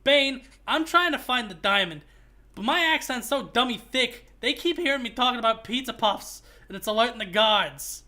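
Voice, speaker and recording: A man voicing a male heist crook in a thick, put-on Chicago accent, loud and boisterous. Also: lively intonation, moderate pace, exaggerated voice. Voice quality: loud, boisterous, pushed-up pitch.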